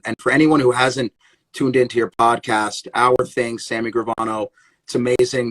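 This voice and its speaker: A man's voice: mid-range voice, a bit bright, rough recording. A man hosting an interview podcast, speaking in a courteous, appreciative way. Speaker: podcast host.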